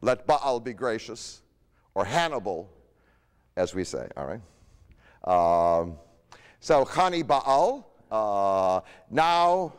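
A man's voice: on the high side, smooth, big-room sound. A man giving a history lecture in a conversational way, often tossing rhetorical questions to his audience.

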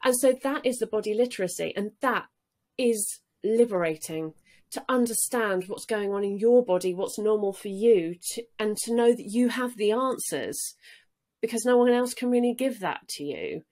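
A woman's voice: mid-range voice, lively intonation, moderate pace, darkish tone. A woman guest talking in an earnest, easygoing way, now and then laughing lightly. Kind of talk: casual interview talk.

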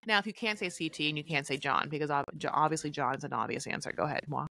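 A woman co-hosting a podcast, telling stories in a lively, rambling way with lots of fillers. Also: sits low, racing, creaky, slight background noise. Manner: animated, filler-heavy storytelling. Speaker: podcast co-host. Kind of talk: casual chat.

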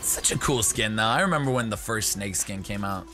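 A young man hosting a gaming video, excitable and jokey, bursting into shouts as he comments. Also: on the low side, brisk, faint music behind.

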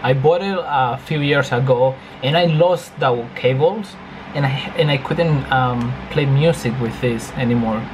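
Slow, halting man vlogging at home. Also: medium pitch, background noise. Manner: slow, halting and repetitive, swears often. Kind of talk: casual vlog monologue. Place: home bedroom.

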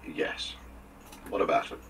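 Far from the mic and with noise behind him, an older man from England speaks unhurriedly as a radio interview guest. He's a jokey, theatrical storyteller, reminiscing and slipping in asides.

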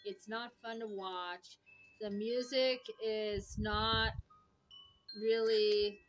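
A woman's voice: medium pitch, steady tone, extremely slow, soft background music. An older woman, a grandmother, giving her casual take on a film in a rambling, hesitant way with many fillers. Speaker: grandmother co-reviewer. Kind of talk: casual film review chat.

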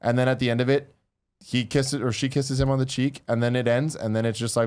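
A man's voice: mid-range voice, level tone, a little fast, darkish tone, smooth. A man co-hosting a podcast, joking in a dry, casual way. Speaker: podcast co-host. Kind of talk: casual chat.

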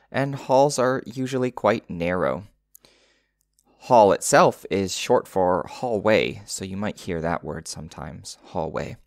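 Male English teacher, low voice, patient step-by-step explainer, dry studio sound. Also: no room sound. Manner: patient, spells out word meanings step by step; drops into a soft whisper to demonstrate. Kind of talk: explaining song lyrics for learners.

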